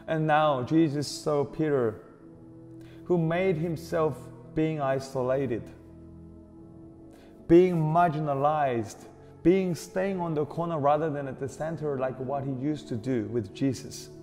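A man preaching a sermon as pastor, slow and deliberate, stressing repeated questions. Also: a little high. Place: church hall. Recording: reverberant hall with soft music behind.

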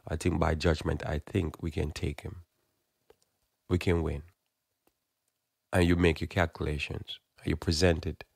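A male preacher with a deep, rough, gravelly voice delivers a loose, conversational sermon. He often stops and restarts his sentences, and he plays out imagined back-and-forth exchanges. The recording is close and dry, with no room echo. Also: a little mellow. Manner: conversational preaching with frequent restarts and repeated words; acts out quoted exchanges in a quick casual voice. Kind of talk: informal sermon.

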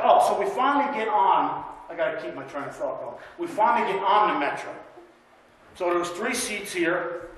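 Man, guest preacher, folksy storytelling sermon, high voice, very reverberant church. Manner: folksy, conversational, asks the congregation for amens. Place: church sanctuary. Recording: very echoey church room.

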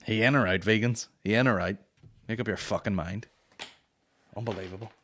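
A Northern Irish man hosting a comedy podcast, reading listener questions and telling stories in a blunt, sweary, animated way. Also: on the low side, fairly quick. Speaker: podcast host and stand-up comedian.

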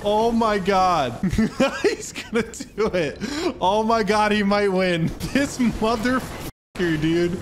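Excitable high-voiced male gaming streamer. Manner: excitable, yelling, trash-talking. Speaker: gaming streamer and tournament host. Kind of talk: live gameplay commentary. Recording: noticeable background noise.

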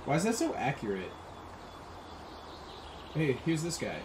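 A young man giving casual, excitable let's-play commentary as a gaming channel host, reacting loudly as he plays. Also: fairly high pitch, measured pace, heavy background noise. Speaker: gaming YouTuber. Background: loud game music.

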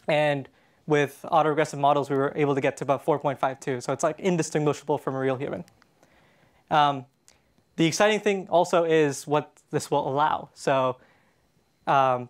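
A Canadian man giving a casual conference presentation, talking with many fillers and restarts. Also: a little high. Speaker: conference speaker. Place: conference stage in a hall.

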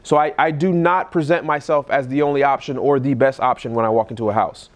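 A man, a real estate investor, giving casual seminar talk at a live event and acting out phone scripts in a lively voice. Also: brisk. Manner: animated, acts out calls in a higher voice.

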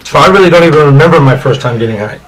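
A man's voice: on the high side, animated, rapid-fire, a bit bright, a little hiss or hum, low-quality recording. A man from Indiana telling his life story as an interview guest, rambling and candid, with many "you know" fillers.

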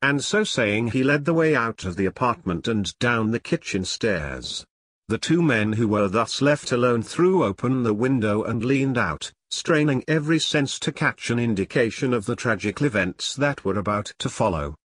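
A man narrating a classic audiobook in a measured, even manner. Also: mid-range voice, husky, no echo, clean studio sound. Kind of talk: scripted narration.

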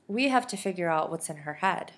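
A woman's voice: fairly low pitch, expressive, brisk, a bit bright. Woman reading as a lilting, caring mother. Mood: earnest. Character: caring mother, warm and emotional.

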